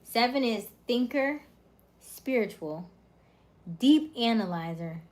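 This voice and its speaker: A woman's voice: a little high, lively intonation, takes it slowly, darkish tone. A woman hosting a casual livestream, reading viewers' comments and rattling off personality traits in short, upbeat lists. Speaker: livestream host.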